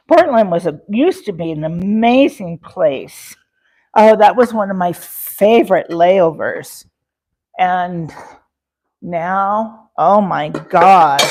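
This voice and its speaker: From the Rocky Mountains in the USA, a woman hosts a casual cooking livestream from her home kitchen, chatting with viewers and rambling with plenty of fillers. Her medium-pitched voice is creaky and darkish, and the recording sounds rough.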